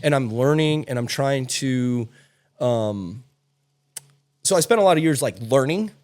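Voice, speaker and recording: A man's voice: mid-range voice, a little slow. A man hosting a podcast, telling stories in a blunt, casual way and swearing freely. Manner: animated, blunt storytelling with swearing. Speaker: podcast host. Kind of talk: casual chat.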